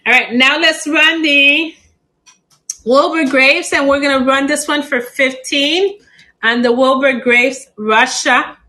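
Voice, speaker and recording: A woman's voice: sits high, fairly even intonation, slow, bright, forceful tone, poor audio. A middle-aged woman hosting a live plant sale stream, chatty and laughing often.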